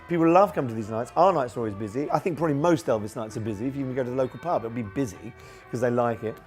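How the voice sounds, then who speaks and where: A man's voice: medium pitch, rapid-fire, a little mellow, soft background music. A man in his forties, a tribute performer, chatting in a documentary interview with lots of fillers and restarts. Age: 40s.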